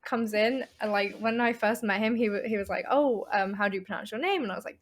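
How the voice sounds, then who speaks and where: A woman's voice: medium pitch, fast talker, hardly any pauses. A woman co-hosting a podcast, chatting casually and telling anecdotes with frequent fillers and laughter. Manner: chatty storyteller, laughs often, many fillers. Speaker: podcast co-host. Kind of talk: casual chat.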